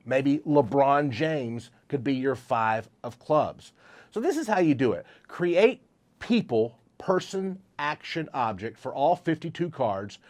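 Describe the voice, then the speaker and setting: Upbeat man teaching a memory technique. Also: mid-range voice. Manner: upbeat, walks through examples step by step. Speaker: memory trainer. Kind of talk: instructional explainer.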